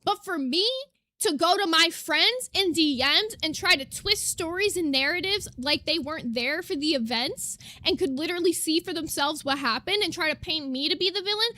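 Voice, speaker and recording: A woman's voice: very high-pitched, lively intonation, normal speed, sharp tone. A young woman streamer ranting to her live chat, emphatic, profane and indignant as she lays out her side.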